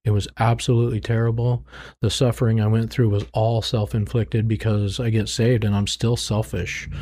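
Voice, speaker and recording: Middle-aged man, low even voice, dark tone, earnest conversational testimony. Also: moderate pace. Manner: frank, earnest, repeats himself when searching for words. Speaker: guest, former drug dealer turned ministry worker.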